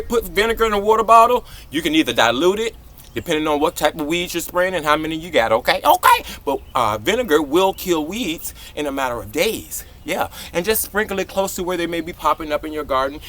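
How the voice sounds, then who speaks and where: A man, hosting a casual outdoor gardening vlog in an exuberant, affectionate, very animated way. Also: high voice. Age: 40s. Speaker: gardening channel host. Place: outdoors in a garden, hot day.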